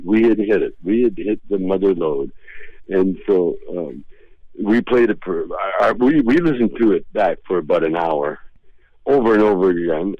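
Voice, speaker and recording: An older man with a low, husky voice tells long, rambling anecdotes in an unhurried way. He keeps restarting his sentences. The sound is dull and lo-fi, dry and close. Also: no room sound. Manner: rambling, laid-back anecdotes with repeated restarts. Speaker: interview guest, comedian. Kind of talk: casual storytelling.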